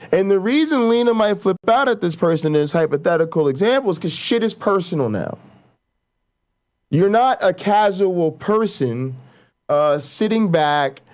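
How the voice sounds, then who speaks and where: A man hosting his own channel, ranting casually and profanely, often asking "right?". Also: a little high. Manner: animated, profane, says "right?" a lot. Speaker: YouTube host.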